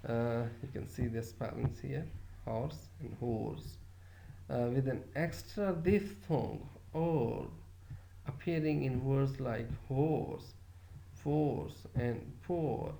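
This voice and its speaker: A man's voice: mid-range voice, animated, slow, gravelly, warm tone, a little hiss or hum. A man from Pakistan, giving a recorded lecture in a hesitant way, with many filler sounds and words repeated to demonstrate them. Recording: echoey room.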